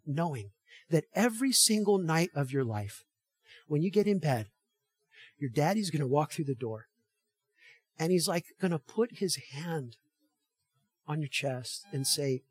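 A man preaching a sermon as a pastor, moving between hushed tender passages and loud, emphatic points. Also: fairly high pitch, slightly rough, dry recording.

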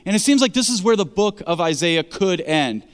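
A man's voice: high voice, lively intonation, moderate pace, clear, resonant tone, long reverb tail. A man preaching a sermon as pastor, emphatic and conversational, asking the congregation rhetorical questions.

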